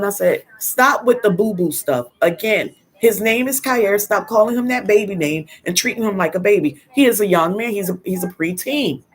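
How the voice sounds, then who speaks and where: An older woman, a grandmother, hosting a casual live stream and telling stories in a firm, no-nonsense way, acting out quoted dialogue and now and then clearing her throat. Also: mid-range voice, expressive, moderate pace. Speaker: host of a live parenting talk.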